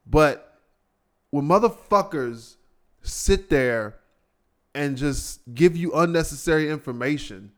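A man's voice: fairly high pitch, slow, pauses often. Profane man ranting on his podcast. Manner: profane, exasperated ranting with mocking impressions. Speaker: podcast host. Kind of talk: solo podcast rant.

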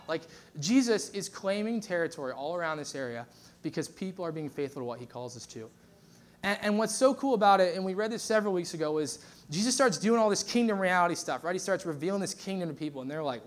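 A man's voice: sits high, lively intonation, fast talker. A man preaching a conversational sermon as pastor, telling stories with lots of fillers and restarts.

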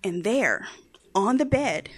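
Woman telling a funny story live, slow and drawn out, voice swoops all over, keeps laughing. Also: medium pitch, husky. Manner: animated, comic, laughs often. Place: live stage event.

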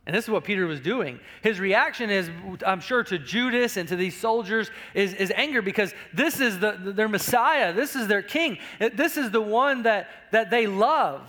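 A man's voice: high voice, expressive, normal speed, hardly any pauses, bright, forceful tone. A middle-aged male pastor preaching a sermon in a conversational way, often repeating words as he talks. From United States.

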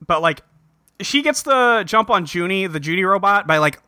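A man's voice: high voice, expressive, moderate pace, pushed and bright, clean tone, no room sound, studio quality. A man co-hosting a podcast, casually recapping a movie in a rambling way, swearing now and then. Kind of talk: casual chat.

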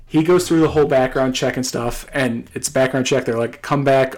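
A man's voice: medium pitch, fairly even intonation, fairly quick. Man telling a rambling exasperated story. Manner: rambling, exasperated anecdote with quoted dialogue. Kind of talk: casual storytelling.

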